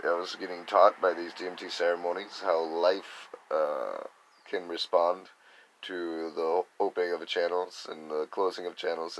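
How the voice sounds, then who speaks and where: A man's voice: low voice, fairly bright tone, slight background noise, rough recording. A man giving a rambling, casual spiritual talk, acting out other people's reactions in quoted voices. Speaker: spiritual speaker.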